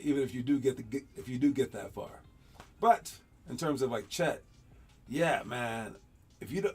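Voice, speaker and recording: Animated man coaching young players. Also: medium pitch. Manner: animated, rambling, laughs often, coaching tone. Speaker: basketball show host coaching young players. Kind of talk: casual commentary on game clips.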